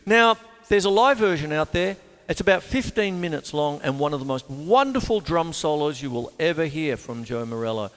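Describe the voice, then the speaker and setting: A man with an Australian accent hosting a casual drum lesson, chatty and animated, counting beats aloud. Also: a little high, a little fast, big-room sound. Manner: animated, chatty, breaks into counting and scat sounds. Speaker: drum teacher and show host. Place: home room with a couch.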